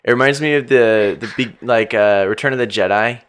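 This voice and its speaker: A man's voice: medium pitch, a little fast, a bit bright, clear, resonant tone. A man hosting a casual podcast chat, leading the talk in an upbeat way and laughing often. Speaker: podcast host.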